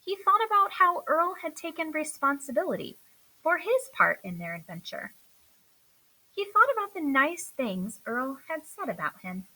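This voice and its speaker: A woman reading a children's picture book aloud in a slow, expressive storytelling manner. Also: sits high, low-quality recording.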